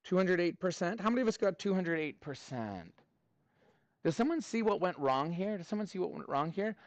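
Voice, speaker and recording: Male math teacher with a high, swooping voice, dry close sound, playful with the class. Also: fairly quick, dry recording. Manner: animated, playful, calls on students by name.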